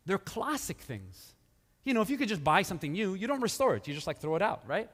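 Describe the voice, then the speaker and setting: A man's voice: high-pitched, big pitch swings, fast talker, fairly bright tone. A male pastor preaching casually and conversationally, with many fillers and restarts. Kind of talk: casual sermon. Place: church sanctuary. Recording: live church hall with long reverb.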